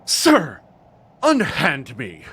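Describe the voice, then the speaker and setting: A man's voice: lowish voice, animated, normal speed, fairly bright tone. A man doing a grumpy stuffy old father. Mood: indignant.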